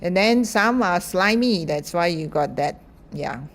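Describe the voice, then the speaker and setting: A middle-aged woman gives an informal lecture. She talks slowly and in a fairly low voice, chatty, with lots of fillers and light laughs. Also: animated.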